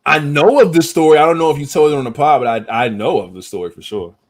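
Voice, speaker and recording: A young man hosting a podcast, telling a profane story in casual, animated talk. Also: fairly high pitch, fast talker. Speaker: podcast host.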